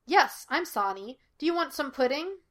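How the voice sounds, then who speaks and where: Scattered, chirpy young cook in her twenties; woman reader voices her, light and fairly high. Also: lively intonation, moderate pace. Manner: bright, breezy, a little wild.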